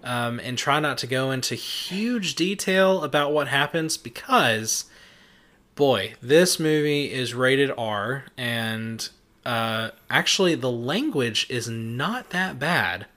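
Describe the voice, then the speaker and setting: A man's voice: mid-range voice, expressive, sharp tone. A man hosting a casual podcast, chatty and joking as he talks through a movie. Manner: chatty, joking, quick restarts. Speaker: podcast host.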